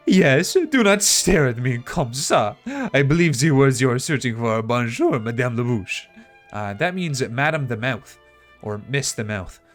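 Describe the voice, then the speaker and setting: A man's voice: mid-range voice, expressive, unhurried, a bit bright, soft background music. A man voicing a haughty, snobbish woman who teaches deportment, in an exaggerated fake French accent and a lofty, scolding manner.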